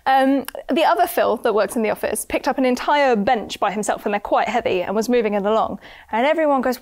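A woman's voice: a little high, moderate pace. A woman chatting and joking on a live board game stream, reading out chat messages in a teasing, giggly way.

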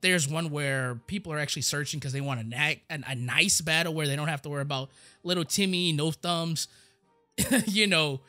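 A young man giving casual, rambling gameplay commentary, excitable and stammering as he repeats words. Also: a little high, moderate pace, faint music behind. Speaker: gaming YouTuber.

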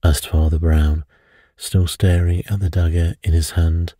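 A man narrating a bedtime detective story in a soft, measured, soothing way. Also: sits low, level tone, breathy edge, dry recording, clean studio sound.

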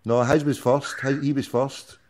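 A man's voice: medium pitch, little pitch movement, normal speed, a loud crowd. Man hosting a rowdy call-in. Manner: swears heavily, teasing banter. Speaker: radio show host. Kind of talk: casual call-in chat.

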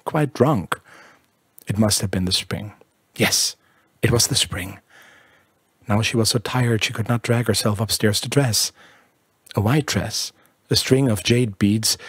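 Low husky guy reading a classic story, measured, dry close sound. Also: no room sound. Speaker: narrator. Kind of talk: literary audiobook narration.

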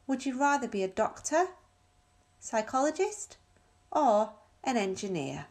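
A woman on textbook audio, carefully reading out example questions with clear, marked intonation. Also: a little high, sing-song, measured pace, a little mellow. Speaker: recorded audio speaker.

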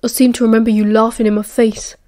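A woman's voice: on the high side, steady tone, a little fast, a little mellow, natural voice. A woman playing a defiant young captive man. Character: young, cornered male werewolf prisoner, defiant.

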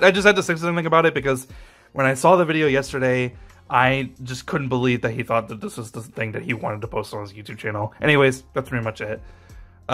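A man's voice: medium pitch, fairly bright tone. Frustrated young man ranting, profane. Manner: frustrated, profane, rambling with fillers. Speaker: YouTube commentator. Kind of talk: ranting commentary.

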